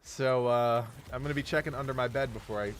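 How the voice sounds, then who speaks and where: His voice is medium-pitched and fairly even, with a little hiss or hum in the recording. He's a dad streaming a game live, chatting casually and upbeat as he quickly rattles through viewers' names and where they're tuning in from.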